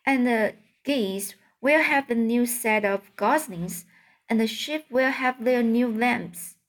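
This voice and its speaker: A woman's voice: a little high, slow, pitched above the performer's own voice. A woman reading an eager young pig. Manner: wondering and earnest.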